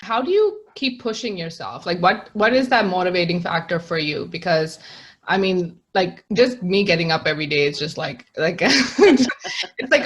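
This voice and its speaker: A woman's voice: fairly low pitch, measured pace. A woman hosts a casual podcast interview. She asks her questions loosely and chattily, and keeps her guest going with small encouraging sounds. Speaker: podcast host.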